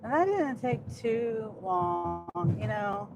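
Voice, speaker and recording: Slow-talking woman chatting while driving. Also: medium pitch, expressive, creaky, over music. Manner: chatty, muttering to herself, frustrated asides. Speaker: gig delivery driver vlogger. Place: in a car.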